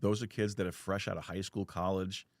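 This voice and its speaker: A man's voice: low-pitched, level tone, fairly quick. A man from New York hosting an interview show, speaking in a friendly, encouraging way. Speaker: host. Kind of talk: casual interview conversation.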